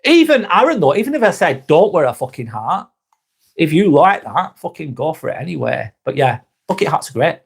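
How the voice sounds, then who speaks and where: A man's voice: on the high side, very animated, a little fast, gravelly, breathy edge. A man, hosting a casual live stream, chatting to viewers by name, laid-back and swearing freely. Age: 40s.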